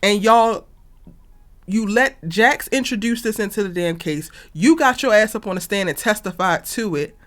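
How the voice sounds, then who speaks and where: A woman reviewing a TV episode in a casual, animated and exasperated way, talking straight to her viewers. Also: medium pitch, normal speed. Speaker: TV review vlogger.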